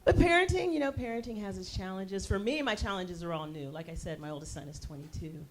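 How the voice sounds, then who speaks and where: A woman, performing a stand-up set on a theater stage, with a brassy, punchy delivery that jumps suddenly loud. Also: mid-range voice, lively intonation, fast, a little hiss or hum. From United States. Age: 40s. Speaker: stand-up comedian.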